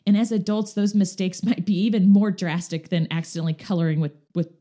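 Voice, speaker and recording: Lively storytelling woman with mellow tone. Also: lowish voice, fast. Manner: animated, acts out quoted dialogue. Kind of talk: casual conversational storytelling.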